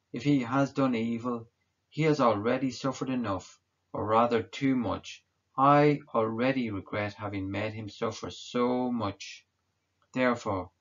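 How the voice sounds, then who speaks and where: A man's voice: mid-range voice, a little slow, voice pushed up. A man voicing a weary Roman governor who pleads with a crowd in a solemn, declaiming way. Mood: pleading. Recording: dull lo-fi recording.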